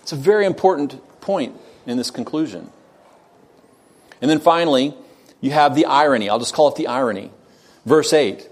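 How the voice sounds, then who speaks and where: A man's voice: medium pitch, expressive, normal speed, pauses often. A man preaching an expository sermon, earnest and emphatic, who puts rhetorical questions to his listeners. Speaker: pastor.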